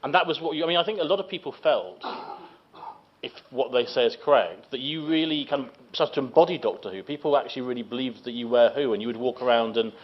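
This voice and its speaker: A male interviewer talks in quick bursts and stumbles over repeated words while shaping his questions. The recording sounds muffled and lo-fi. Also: medium pitch. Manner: halting, stacks repeated "and" as he gathers questions. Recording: dull lo-fi recording.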